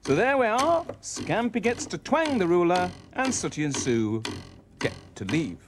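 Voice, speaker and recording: A man narrating a children's story in a gentle storytelling manner. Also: sits high, lively intonation, measured pace, background noise.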